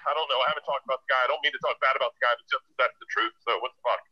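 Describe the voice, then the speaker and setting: A man telling a story on a podcast, animated and profane, acting out what others said. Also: mid-range voice, very fast, breathy edge, muffled recording. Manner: animated, profane, acts out quotes. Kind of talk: casual storytelling.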